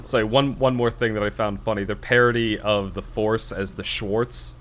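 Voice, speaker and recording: A man's voice: lowish voice, steady tone, moderate pace, fairly bright tone, a little hiss or hum. A man co-hosting a casual podcast, rambling and laughing often. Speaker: podcast co-host.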